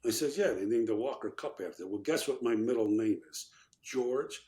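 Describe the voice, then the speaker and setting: An older former congressman tells stories and plays out the voices of the people in them. His voice sits low, and the room around him has a noticeable echo. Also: quick pace. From Chicago, USA. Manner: animated anecdotes, acting out quotes. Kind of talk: storytelling in a podcast interview.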